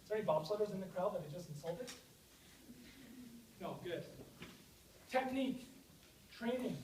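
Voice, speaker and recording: A man giving an energetic, joking university guest lecture and speaking straight to his audience. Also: high voice, normal speed. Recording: echoey hall, distant mic, faint noise.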